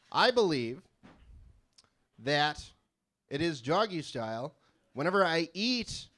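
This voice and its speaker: A young man from California doing a live stand-up set in a small venue, deadpan and prone to rambling digressions. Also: on the high side. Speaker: stand-up comedian.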